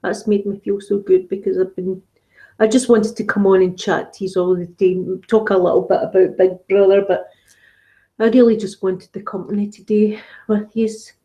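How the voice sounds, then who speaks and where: A woman's voice: medium pitch, level tone, moderate pace, dark tone. A woman with a Scottish accent, an ASMR channel host, chatting casually and rambling as she answers viewer comments. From Scotland. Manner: chatty and rambling, with frequent fillers. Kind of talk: casual live chat, reading viewer comments.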